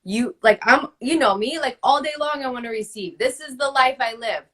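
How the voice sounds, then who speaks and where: A slightly high, somewhat bright female voice at a moderate pace belongs to a woman in her thirties, a book-writing coach hosting a spiritual coaching conversation. Over a video call she coaches a guest with passion and emphasis, saying "like" a lot.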